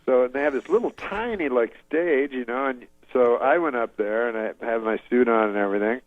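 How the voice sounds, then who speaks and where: A man doing a rambling deadpan comic storyteller. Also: mid-range voice, brisk, natural voice. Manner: rambling, deadpan, many fillers and restarts. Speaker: comedian telling a story on a podcast. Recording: dull lo-fi audio.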